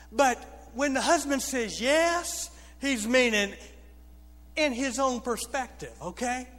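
A pastor preaching a sermon, telling funny stories and calling out to the congregation. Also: male voice, very high-pitched, fairly bright tone. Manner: storytelling preacher, humorous asides to the congregation. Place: church sanctuary. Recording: long reverb of a church hall.

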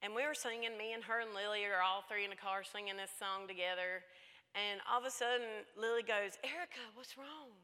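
Woman, middle-aged, bright forceful voice, folksy preaching, echoey hall. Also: medium pitch, fairly even intonation, fairly quick, smooth. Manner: emphatic, folksy storytelling. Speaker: women's conference speaker. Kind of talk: sermon-style talk.

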